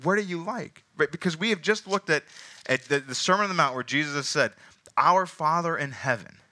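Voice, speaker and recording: Male pastor preaching a sermon, very bright, forceful tone, chatty asides. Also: on the high side. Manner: emphatic, rising and falling with slowed stresses; casual asides amid scripture reading.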